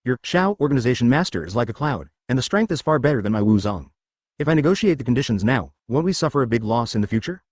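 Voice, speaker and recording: A man's voice: mid-range voice, very animated, fast talker, a little mellow, no room sound, clean studio sound. A man voicing a cocky young martial artist in a synthetic-sounding story reading, confident and sly.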